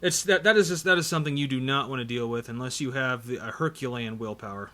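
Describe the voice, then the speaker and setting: A man with a bright, forceful voice trading jokes on a gaming podcast. He talks in quick bursts and teases his co-host with mock exasperation. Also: medium pitch. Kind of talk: casual chat about tabletop gaming.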